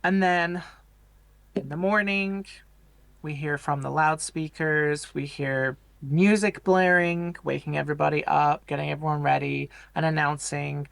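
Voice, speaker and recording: A man calmly recaps a film's plot on a podcast, measured and explanatory with small hesitations. His voice sits a little high and carries a gravelly edge. The recording is close and dry. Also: dry recording. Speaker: podcast co-host. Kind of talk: casual film discussion, plot recap.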